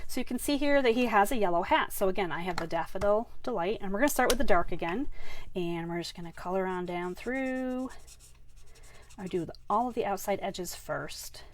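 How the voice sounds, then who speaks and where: A woman's voice: mid-range voice, lively intonation, a little fast, a little hiss or hum. A woman chatting her way through a card-making tutorial, rambling with lots of fillers and restarts. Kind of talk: casual craft tutorial.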